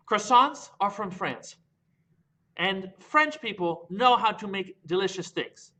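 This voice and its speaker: A man with a very high, piercing voice delivers a brash, mocking comedic rant. His tone is sharp and edgy. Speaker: improv player arguing for croissants. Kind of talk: comedic opening argument.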